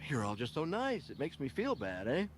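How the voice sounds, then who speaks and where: A man's voice: mid-range voice, wildly swooping pitch, moderate pace. A synthetic man playing a meek, apologetic cartoon neighbor with a hesitant, sheepish delivery. His voice moves up and down a lot, and noise runs underneath.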